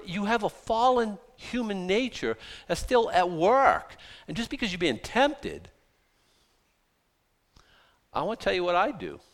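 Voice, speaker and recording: A man preaching a sermon as a pastor, emphatic and blunt, mocking excuses in quick put-on voices. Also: high voice, a bit bright.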